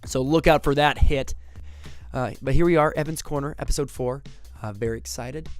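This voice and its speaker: A man's voice: medium pitch, normal speed, faint music behind. A young man hosting his own vlog, talking casually with a stuffed-up nose from a cold and goofing around. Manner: goofy, slips into silly put-on voices. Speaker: vlog host. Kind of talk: casual chat.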